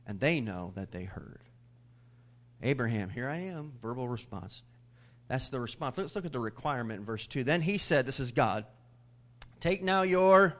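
A male pastor delivers a sermon, calling out questions to his congregation and slipping in humorous asides. Whenever he voices characters from scripture, his voice leaps much higher and louder.

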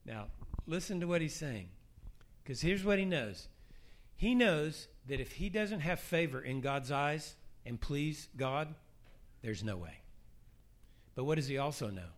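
A middle-aged man preaching a sermon, shifting between soft, hushed prayer lines and rising, emphatic questions. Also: on the high side, animated, measured pace.

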